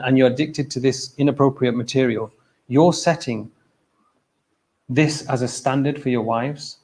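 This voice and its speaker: In a mosque hall, an English man gives an informal, conversational sermon at a mosque event, speaking straight to the congregation. His mid-range voice has a darkish tone, and he often says "okay?" and "look," with brief laughs.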